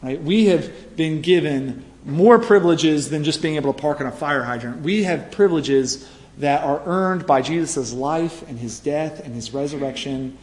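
A man's voice: on the high side, darkish tone. A man preaching a conversational sermon, telling a story with lots of "right?" asides and fillers. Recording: reverberant hall.

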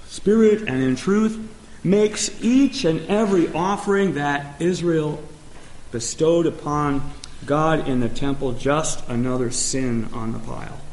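A man preaching a sermon, speaking emphatically and pausing often as he reads scripture. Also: on the high side, a little mellow. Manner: slow, emphatic preaching with pauses and restarts. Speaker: pastor. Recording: echoey room.

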